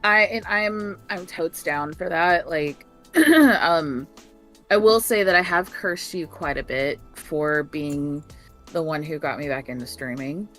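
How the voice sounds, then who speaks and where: A woman's voice: low voice, animated, takes it slowly, a bit bright, soft background music, low-quality recording. Chatty woman in her morning voice. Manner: rambling, chatty, filler-heavy. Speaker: guest streamer on call. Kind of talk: casual chat.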